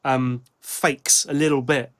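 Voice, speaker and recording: A man's voice: medium pitch, level tone, slow pace, fairly bright tone. A man co-hosting a casual music podcast, rambling as he talks, often restarting and correcting himself. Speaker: podcast co-host. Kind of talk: casual music-review chat.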